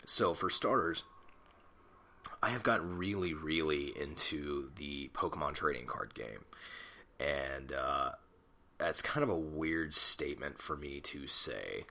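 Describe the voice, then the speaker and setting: A man's voice: a bass voice, unhurried, sharp tone. A man in his twenties hosting a solo podcast on a desktop mic at home, rambling and self-conscious, swearing casually. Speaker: podcast host. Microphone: desktop USB mic.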